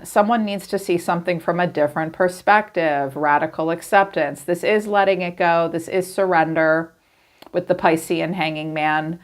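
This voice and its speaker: Woman tarot reader, chatty and expressive, slightly low voice for her sex. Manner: chatty, acts out quoted messages in a lively voice. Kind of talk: casual tarot reading.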